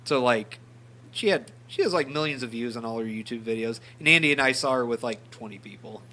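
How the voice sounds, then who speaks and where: A man co-hosting a podcast, telling a story in a lively joking way, laughing and swearing casually. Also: mid-range voice, a little fast. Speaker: podcast co-host. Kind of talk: casual chat.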